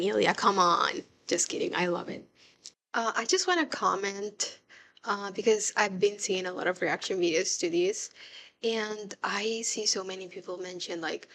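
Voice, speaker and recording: A young woman giving casual reaction commentary on a TV show, excitable and swearing, breaking into laughs. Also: mid-range voice, moderate pace. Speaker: show reviewer.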